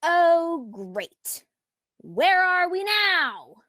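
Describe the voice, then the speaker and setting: A woman's voice: very high-pitched, sing-song, drawn-out words, sharp tone, no room sound, heavily acted. A teenage girl playing a sarcastic, impatient modern American girl in a school radio play. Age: teens.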